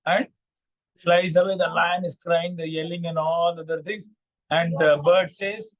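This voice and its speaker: A man hosting a morning vlog, narrating a moral fable in a halting way with many fillers and repeats. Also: a little high, level tone, low-quality recording. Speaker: vlog storyteller.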